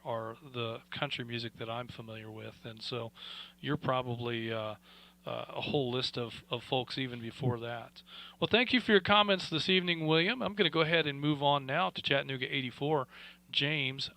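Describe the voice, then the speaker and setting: A man's voice: medium pitch, sharp tone, low-quality recording. A man hosting a radio net, chatting in a folksy, friendly way with many fillers. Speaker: radio net control host. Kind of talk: casual radio net chat.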